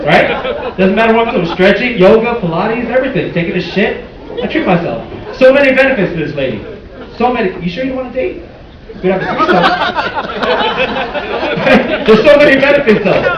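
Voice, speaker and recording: A man's voice: high voice, far from the mic, highs cut off. A man doing a bold, crude stand-up set on a small club stage, with the audience laughing behind him. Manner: bold, crude, lively delivery with sung parody bits. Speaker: stand-up comedian. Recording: echoey club recorded from afar, loud crowd. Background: audience laughter and cheers.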